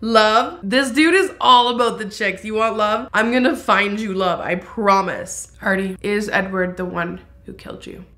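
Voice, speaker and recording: A woman hosts a paranormal vlog in a casual, earnest chat aimed at a haunted doll. Her voice is bright and sharp, with a middle pitch. She gets excitable and rattles off words in quick bursts. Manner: chatty, earnest and excitable, talks fast in bursts.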